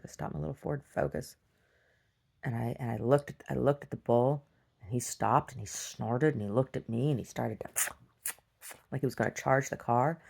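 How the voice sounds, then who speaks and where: Woman, very deep voice, gravelly fry, rambling video diary, lots of "like" and restarts. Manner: halting, full of restarts and "like", shouts when acting out quotes. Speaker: video diarist. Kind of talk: rambling casual storytelling.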